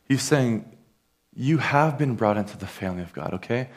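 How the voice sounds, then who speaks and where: A man's voice: mid-range voice, expressive, normal speed. A man preaching a sermon in an earnest, conversational way, talking straight to his listeners.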